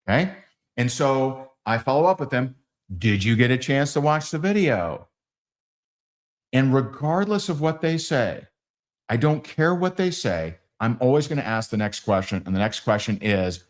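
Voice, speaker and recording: A man leading a live sales training, acting out both sides of sales calls in lively quoted dialogue. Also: medium pitch, moderate pace.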